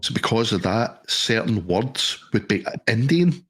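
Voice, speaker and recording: A man's voice: lowish voice, very animated, measured pace, a bit bright, husky. A middle-aged man in casual chat on a podcast, telling jokey, sweary anecdotes. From Scotland. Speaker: podcast co-host.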